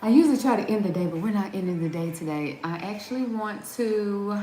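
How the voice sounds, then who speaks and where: A woman from the Southern United States, with a Southern American accent, hosts a casual live stream, greeting viewers by name and laughing often. Her medium-pitched, warm voice is animated and fairly quick, recorded in an echoey room with slight background noise.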